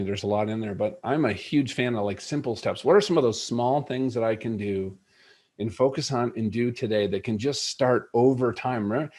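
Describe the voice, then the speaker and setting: This guest, a middle-aged leadership coach, speaks in a mid-range, darkish voice. He recounts a personal story in an earnest, reflective manner, leaning on many fillers, in a conversational interview.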